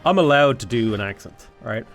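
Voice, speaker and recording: Irish guy narrating his strategy game, thinks out loud, gets hyped, quiet game music behind. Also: mid-range voice, animated, fairly quick. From Ireland. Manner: chatty, thinks aloud, enthusiastic. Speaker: gaming YouTuber. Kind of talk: let's play commentary.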